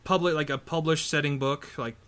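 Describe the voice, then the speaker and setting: A man with a bright, forceful voice trading jokes on a gaming podcast. He talks in quick bursts and teases his co-host with mock exasperation. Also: on the high side, steady tone. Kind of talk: casual chat about tabletop gaming.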